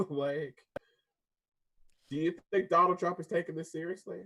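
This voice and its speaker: A young man co-hosting a casual debate podcast, telling stories with lively energy and frequent laughs. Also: fairly high pitch, unhurried, a little hiss or hum. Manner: animated storyteller, laughs often, acts out voices. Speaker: podcast co-host.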